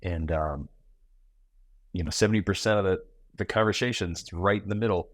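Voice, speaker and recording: A man in his forties, a podcast guest who tells stories in a lively way and acts out small talk in quick asides. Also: low voice, no room sound. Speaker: guest, founder and keynote speaker. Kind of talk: conversational podcast interview.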